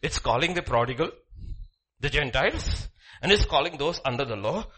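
A man preaching a sermon in a church, swinging between soft asides and loud, animated emphasis. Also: mid-range voice, normal speed, husky. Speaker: pastor.

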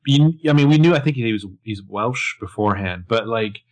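A man's voice: lowish voice, fairly quick. A man co-hosting a casual TV recap podcast, chatty and analytical with lots of filler words. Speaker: podcast co-host.

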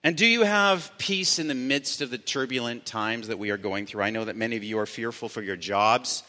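A man preaching a sermon as pastor, earnest, slowing down to stress key words. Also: mid-range voice, sharp tone. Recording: long church reverb.

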